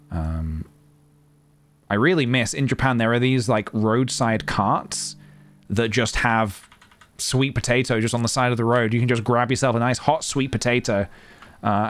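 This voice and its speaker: A man in his thirties chats casually on a live stream, his medium-pitched voice at a normal pace with faint music behind. Playful and rambling, he talks himself through his work.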